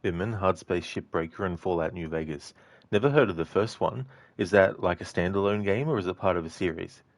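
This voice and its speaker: A man streams a game and chats casually with viewers, reading their messages with frequent fillers and easy laughs. He has a deep voice, talks a little fast, and there's no echo.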